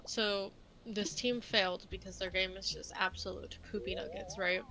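A woman's voice: medium pitch, fairly even intonation, moderate pace, pushed and bright, a little hiss or hum, low-quality recording. Rambling, swearing young woman vlogger. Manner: rambling, swears freely, many restarts. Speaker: college game-design instructor. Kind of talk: casual chat while streaming a game. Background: game music.

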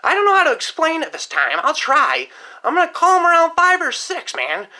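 Woman performing a paranoid stoner farmhand; high, bright, rambling and profane comedy monologue. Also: huge pitch swings, brisk, heavily acted. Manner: rambling, repeats "man" constantly, swears often. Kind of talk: comedic story-time monologue.

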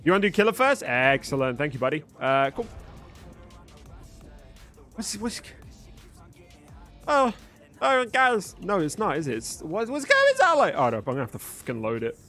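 A man's voice: on the high side, very animated, moderate pace, long pauses, pushed and bright. Young guy streaming games live, jokey and sweary, bouncy voice all over the place, faint music behind. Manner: joking banter with chat, swears freely. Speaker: livestreamer. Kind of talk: live gaming stream chat.

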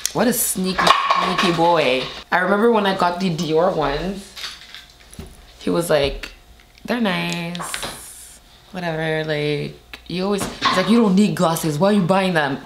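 Hoarse young woman vlogging, low voice. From Montreal, Canada. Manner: rambling, filler-heavy, emotional. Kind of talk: casual vlog chat to camera. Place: indoors at home. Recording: echoey room with noise.

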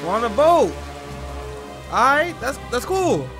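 A hyped man gives let's-play commentary on a game in slangy banter, and his pitch swings wildly as he reacts. His loud outbursts land over clear game music playing behind him. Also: sing-song, a little slow. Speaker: gaming channel host.

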